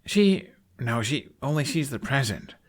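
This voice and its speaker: A man's voice: mid-range voice, expressive, measured pace, pitched above the performer's own voice. A man doing a flustered young dragon rider. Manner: flustered, bickering.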